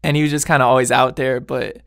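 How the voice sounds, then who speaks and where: A man's voice: mid-range voice, little pitch movement, fast, creaky, fairly bright tone, no echo, studio quality. A man hosting his own podcast, talking in a loose, rambling way, laughing often and trailing off mid-thought. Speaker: podcast host. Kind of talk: casual solo chat.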